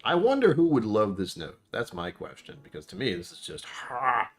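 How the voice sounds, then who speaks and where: A man talks casually to his stream chat, rambling from one thought to the next. His voice sits low but swoops up and down with plenty of movement. Faint music plays quietly behind him. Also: huge pitch swings, fairly quick. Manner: rambling, chatty, reacting to chat. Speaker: whiskey reviewer streamer.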